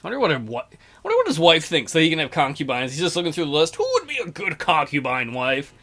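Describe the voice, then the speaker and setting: A man's voice: fairly high pitch, wildly swooping pitch, quick pace, fairly bright tone. A man hosting a strategy game let's play with casual, crude, joking commentary.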